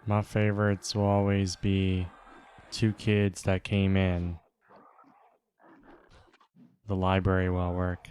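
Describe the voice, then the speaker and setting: A man chatting casually with a friend while they play an online game together, making dry, deadpan jokes. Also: sits low, a little slow, a little hiss or hum. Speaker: gaming partner on stream. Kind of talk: casual chat while gaming.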